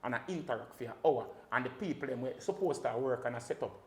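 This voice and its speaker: Fast-talking Jamaican man, emphatic. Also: medium pitch, reverberant. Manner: emphatic, animated storytelling with patois. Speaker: guest, sound system selector. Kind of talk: casual podcast conversation.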